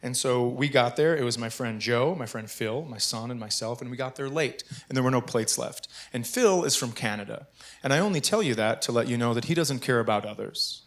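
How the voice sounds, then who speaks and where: A man doing stand-up, telling a story about his son on a comedy club stage and bursting into shouts at punchlines. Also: mid-range voice, brisk.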